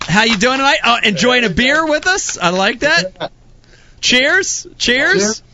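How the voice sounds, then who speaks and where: A man hosting a live show, talking in an energetic, excitable way. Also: very high voice, measured pace, a crowd in the background. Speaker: show host. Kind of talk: casual live show chat. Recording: slightly dull, lo-fi sound.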